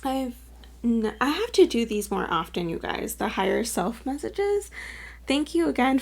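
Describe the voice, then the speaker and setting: Chatty woman reading tarot, vocal fry. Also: a little high, a little mellow. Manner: chatty and effusive, full of "like" and "you guys"; earnest and openly moved while reading. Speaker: tarot reader. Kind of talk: casual pick-a-card tarot reading to camera.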